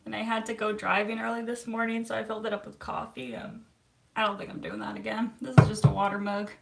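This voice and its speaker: A therapist, chatting casually on a livestream and answering viewer comments with frequent laughs. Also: female voice, medium pitch, flat delivery, fairly quick, gravelly, slight background noise. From Canada. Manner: chatty and upbeat, laughs often, self-teasing.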